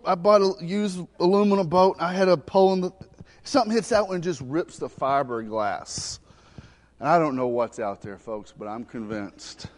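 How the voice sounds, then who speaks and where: A man's voice: fairly high pitch, a little mellow. A middle-aged male pastor preaching a sermon, telling funny stories in a folksy way. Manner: humorous storytelling, folksy. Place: church sanctuary. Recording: long reverb of a church sanctuary.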